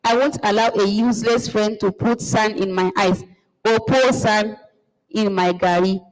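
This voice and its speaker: A woman's voice: medium pitch, steady tone, a little slow, close to an everyday voice. A woman with a Nigerian accent reading the part of a proud, quarrelsome village girl in a taunting manner. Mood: scornful. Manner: scornful, taunting. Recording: long reverb.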